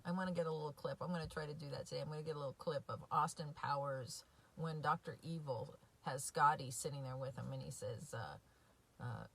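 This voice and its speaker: Chatty, heartfelt woman, lowish voice. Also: fairly quick, vocal fry. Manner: chatty and heartfelt, many fillers, asks "right?". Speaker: recovery coach and podcast host. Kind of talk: casual direct-to-viewer talk.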